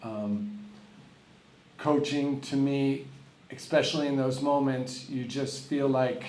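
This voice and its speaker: A man's voice: mid-range voice, steady tone, takes it slowly, a little mellow, a little hiss or hum. Wry middle-aged man in an echoey hall. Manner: self-deprecating storyteller, candid and wry. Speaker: hall of fame inductee, college tennis coach. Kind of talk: acceptance speech. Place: large banquet hall. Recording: echoey hall with faint room ambience.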